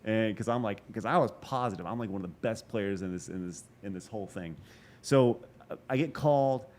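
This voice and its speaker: A man in his forties telling a long story as a podcast guest, animated and profane, with quick asides and restarts. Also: on the low side. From Texas. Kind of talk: casual storytelling interview.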